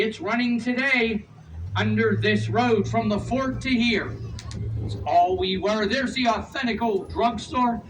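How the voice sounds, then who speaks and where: A playful male tour guide with a fairly high voice, picked up from a few rows back on a phone. He cracks jokes at his passengers between facts, over a steady engine and street rumble. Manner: playful, teasing passengers, quick asides. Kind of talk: joking guided tour commentary over a speaker. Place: open-air tour train outdoors. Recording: distant voice over vehicle noise. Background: vehicle rumble and street ambience.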